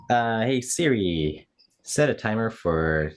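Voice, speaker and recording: A man's voice: lowish voice, lively intonation, a little slow, slight background noise. A man hosting a casual online baking class, chatty and joking while explaining each step. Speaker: actor and baking class host. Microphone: laptop camera mic.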